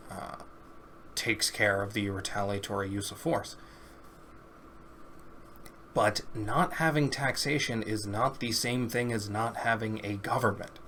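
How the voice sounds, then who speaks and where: A man's voice: on the low side, a bit bright, a little hiss or hum. A man commenting on a clip, firmly correcting the speaker's points in a rebuttal. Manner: firm, corrective.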